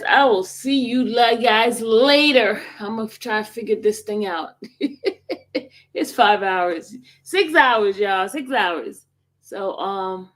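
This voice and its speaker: Gravelly woman chatting on a livestream. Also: mid-range voice, darkish tone. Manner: rambling, talks straight to viewers. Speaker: livestream host. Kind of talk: casual livestream chat.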